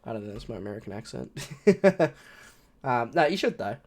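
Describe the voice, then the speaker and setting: A man in his twenties with an Australian accent, commenting on a game in an excitable, swearing way with loud laughs. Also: medium pitch, moderate pace, creaky. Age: 20s. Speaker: streamer. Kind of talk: casual gameplay commentary.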